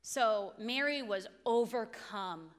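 Speaking slowly in a slightly high voice, this twenty-something woman shares a personal story during a sermon, earnest and confessional. The audio carries a big-room sound, fitting a faith talk.

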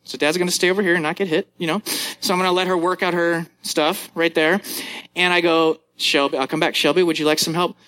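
A man's voice: high-pitched, level tone, brisk, fairly bright tone. A pastor in his thirties preaching a sermon, conversational and telling family stories.

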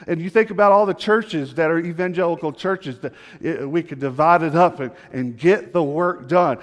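A male pastor preaching a sermon, telling a story, sinking low and quiet for weight and rising for appeals. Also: moderate pace. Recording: long hall reverb.

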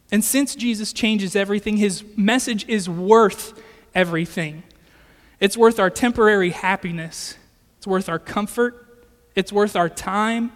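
A man's voice: sits high, long reverb tail. A man preaching a sermon in an earnest, conversational way, often checking in with his listeners. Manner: earnest, conversational with rhetorical "right?".

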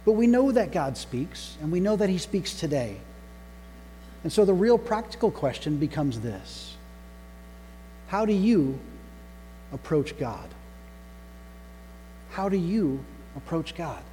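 A man delivering a sermon, pausing to stress single words with deliberate emphasis. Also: a little high, big pitch swings, warm tone. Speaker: pastor. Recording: long reverb hall with faint mains hum.

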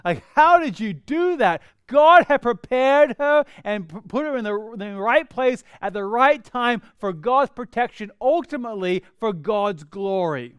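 A middle-aged pastor delivers a sermon, spinning stories with animated emphasis and wry humorous asides. His voice sits high and sounds smooth and resonant. The recording is close and dry. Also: measured pace, hardly any pauses, no room sound.

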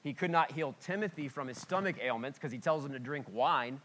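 A man preaching a conversational sermon as a pastor, candid and self-deprecating, with sudden swings between loud and quiet. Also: medium pitch, brisk. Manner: lively, sudden swings in loudness.

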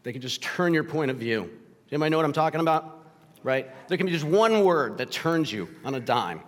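A man's voice: fairly high pitch, expressive, brisk. Man preaching in an echoing church. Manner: emotional, gets choked up and laughs; conversational preaching with frequent "right?". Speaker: pastor. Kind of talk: sermon. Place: church sanctuary. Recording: long hall reverb.

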